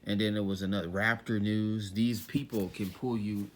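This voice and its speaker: A man's voice: lowish voice, steady tone, moderate pace. A man teaching scripture in a loose, conversational way, reading verses and then explaining them in everyday slang, often saying "you know what I'm saying.".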